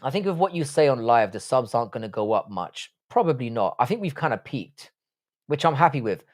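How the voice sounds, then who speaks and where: A man's voice: mid-range voice, sing-song, a little fast. A man hosting a casual live stream, reading chat aloud and answering in a blunt, profane way.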